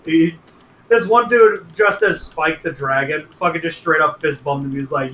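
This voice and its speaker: A young man on a casual podcast, telling crude stories with animated energy. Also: fairly high pitch, normal speed. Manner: animated storytelling, crude jokes, voices friends. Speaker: podcast regular telling a story. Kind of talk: casual chat. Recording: echoey room with faint noise.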